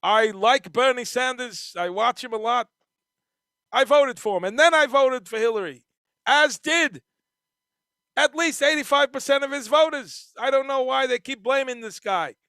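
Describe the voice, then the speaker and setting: A man's voice: very high-pitched, moderate pace, pushed and bright, clear, resonant tone, no echo, studio quality, pitched above the performer's own voice. A man voicing a chatty male viewer who defends his vote, in a raised, sing-song voice. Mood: earnest.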